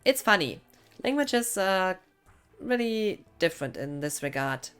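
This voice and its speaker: Young German-accented woman streamer, lowish smooth voice, loose rambling chat over faint game music. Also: sing-song, measured pace, fairly bright tone. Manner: rambling, thinking aloud. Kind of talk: casual live-stream chat while gaming.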